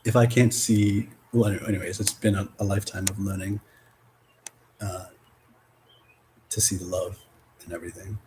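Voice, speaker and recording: Low-voiced guy rambling thru a card reading, swears a lot, faint hiss behind. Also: level tone, moderate pace, pauses often, rough recording. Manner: rambling, swears, laughs, swings from loud to soft. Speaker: spiritual card reader. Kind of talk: casual spiritual vlog, reading oracle cards.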